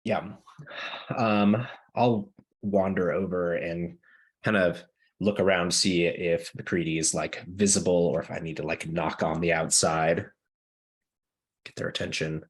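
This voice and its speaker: A man's voice: deep voice, steady tone, a little slow, husky. A man playing in a tabletop game, talking tentatively with many fillers. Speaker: player. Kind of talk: casual tabletop play.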